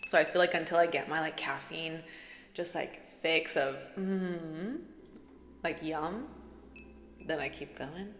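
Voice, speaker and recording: Laid-back woman vlogger, lowish voice, rambling casual chat, recorded in a reverberant room. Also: slow, pauses often, a bit bright, a little hiss or hum. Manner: chatty, giggly, says "like" a lot. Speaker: spiritual vlogger. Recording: echoey room with long reverb.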